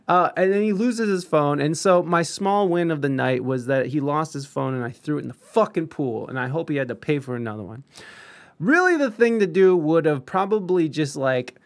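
A man's voice: fairly high pitch, normal speed. A young man in casual chat, telling a story with lots of swearing, restarts and self-deprecating humor.

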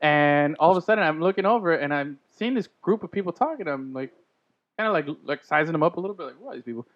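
Male podcast host, quick storyteller, lo-fi sound. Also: on the high side. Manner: animated storyteller, acts out quotes. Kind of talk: casual chat.

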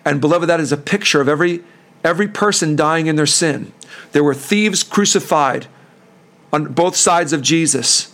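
A man's voice: on the high side, moderate pace, fairly bright tone. A man hosting a preaching podcast, fervent and earnest, who voices pleading prayers.

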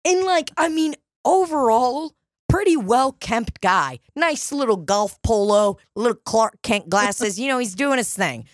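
A woman's voice: fairly high pitch, a little slow, no echo, clean studio sound. A woman co-hosting a podcast, telling a bar story with lots of swearing and acting out the people she quotes. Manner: profane, animated, acts out quoted voices. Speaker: podcast co-host. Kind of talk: casual storytelling chat. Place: dining room studio.

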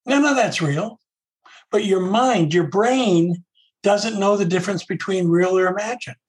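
A man's voice: high-pitched, a little slow, low-quality recording. A man giving a casual, conversational talk on a recovery program, often repeating himself and voicing his own inner thoughts aloud.

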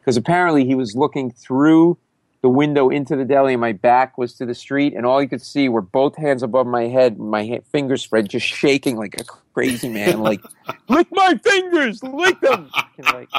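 A man telling a story as a comedy guest, loud and profane, often breaking into shouted reenactments. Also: mid-range voice, fairly even intonation, moderate pace, no room sound. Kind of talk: animated storytelling.

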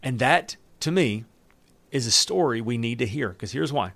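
A man's voice: medium pitch, normal speed, creaky, dry recording. A man preaching a sermon, reading scripture aloud and breaking in with joking asides. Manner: animated, joking asides with laughs. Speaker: pastor.

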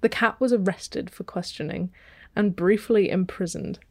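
A woman's voice: medium pitch, moderate pace, a little mellow, no room sound. A woman co-hosting a podcast, reading out a story in a playful way. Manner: playful, laughs often, reads stories aloud. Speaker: podcast co-host. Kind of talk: casual storytelling chat.

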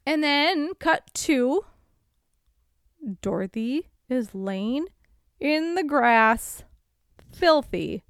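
A woman co-hosting a casual podcast, recapping a movie and acting out the characters in quick voices. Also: high-pitched, animated, no room sound, studio quality. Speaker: podcast co-host.

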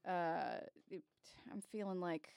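Young woman cohost, lively, cusses a lot, building a character, dry mic. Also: on the low side, slow, creaky, clean tone, no echo. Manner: animated, swears freely. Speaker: podcast co-host. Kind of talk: casual tabletop chat.

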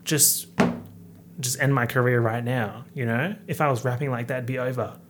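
A man in his late twenties hosting a casual lyric breakdown, excitable, breaking into sudden outbursts and whispered asides. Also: mid-range voice, normal speed, heavy background noise. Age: late 20s. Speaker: host.

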